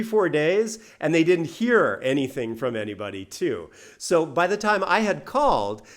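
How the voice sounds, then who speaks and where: Lively man telling a story. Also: a little high. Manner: lively, chatty, laughs between phrases, acts out quotes. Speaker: English teacher telling a personal story. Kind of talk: casual personal storytelling for learners.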